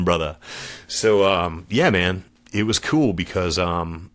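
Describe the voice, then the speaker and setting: A man's voice: low-pitched, animated, measured pace, fairly bright tone. A middle-aged man, a former Marine guest on a podcast, telling his story in a casual, slangy way and calling the host dude and brother.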